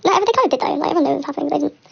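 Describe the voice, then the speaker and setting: A fast-talking woman with heavy fry. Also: high-pitched, muffled recording. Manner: rambling, candid, heavy vocal fry, nervous laughter. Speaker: livestreamer. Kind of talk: casual livestream storytelling.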